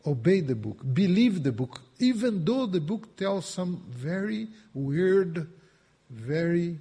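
Slow, mellow-voiced man preaching in a hall. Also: high voice, sing-song, slightly rough. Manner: emphatic, repetitive preaching with rising bursts. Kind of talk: sermon. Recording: reverberant hall.

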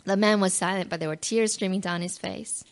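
A woman telling a personal faith story to an audience, animated and emotional, acting out quotes and dropping to a near-whisper at tender moments. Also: medium pitch, brisk, vocal fry. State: moved close to tears at times.

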